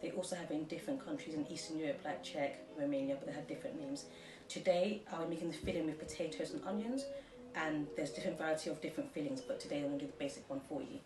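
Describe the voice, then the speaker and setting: A woman's voice: deep voice, rapid-fire. A young woman demonstrating a recipe in her home kitchen, chatty and self-deprecating, with fillers and small laughs. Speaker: cooking vlogger. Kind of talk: casual cooking demonstration. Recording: noisy kitchen recording.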